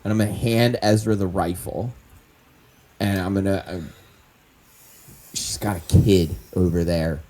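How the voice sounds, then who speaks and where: A man's voice: low voice, fairly even intonation, a little slow, pauses often, dark tone. A man playing his character in a tabletop role-playing game, talking animatedly, laughing and swearing. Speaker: player.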